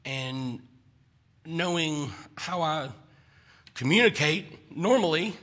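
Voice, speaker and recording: Husky, bright-voiced man preaching. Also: on the high side, expressive, takes it slowly. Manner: stumbles over his words, restarts often. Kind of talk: conversational sermon.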